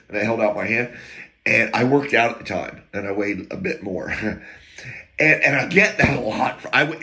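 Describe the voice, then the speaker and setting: A man's voice: mid-range voice, sharp tone. A man telling rambling stories in a casual monologue, laughing between lines and drifting into asides and talk to himself. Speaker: podcast host telling stories.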